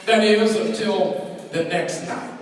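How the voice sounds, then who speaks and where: A male pastor preaching a sermon at a prayer breakfast, telling a story in a storytelling cadence that builds to shouted climaxes. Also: high voice, slow pace. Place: large banquet hall at a prayer breakfast. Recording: echoey hall, far off, audience audible. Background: audience in the hall.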